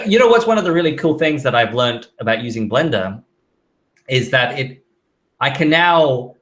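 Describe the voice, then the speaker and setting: This medium-pitched, fairly bright male voice belongs to a casual live stream host. He reads questions from the chat and answers them offhandedly, using fillers as he goes.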